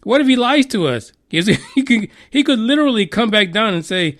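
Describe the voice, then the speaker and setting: Man, podcast news host, high-pitched, profane, mocking, laughs as he reads. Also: lively intonation, fairly quick, few pauses, fairly bright tone. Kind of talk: crude comedic news commentary.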